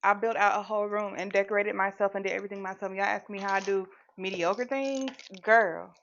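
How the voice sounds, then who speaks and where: A woman's voice: medium pitch, fairly even intonation, fairly quick, fairly bright tone, a little hiss or hum. A young adult woman hosting a casual live stream and chatting straight to her viewers in a rambling, talkative way. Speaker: host of her own channel, live stream. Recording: dull lo-fi sound.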